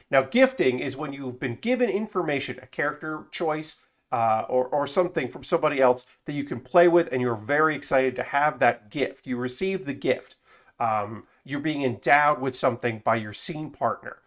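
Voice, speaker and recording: A man streams live while building a model kit, chatting casually in a rambling way, correcting himself and swearing often. His mid-range voice is animated and moves at a moderate pace.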